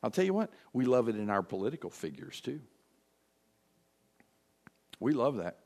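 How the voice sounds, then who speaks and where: A man's voice: mid-range voice, normal speed, gravelly. A man preaching a sermon, acting out the voices of the people he quotes. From United States. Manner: animated, acts out quoted voices. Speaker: pastor.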